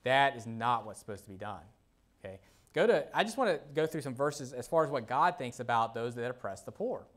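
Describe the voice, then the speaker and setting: A man's voice: mid-range voice, expressive, brisk, fairly bright tone. A man preaching a sermon as pastor, talking casually with frequent "okay?" and "you know", reading scripture aloud and repeating verse references. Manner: reads scripture aloud in King James wording; repeats verse references while the congregation finds them.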